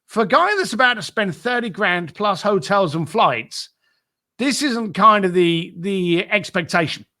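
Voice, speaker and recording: A man with a high voice tells a story in a podcast interview, acting out both sides of a phone call. His tone is bright and forceful, and he leans on fillers and repeated "I said.". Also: expressive, measured pace. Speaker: podcast guest.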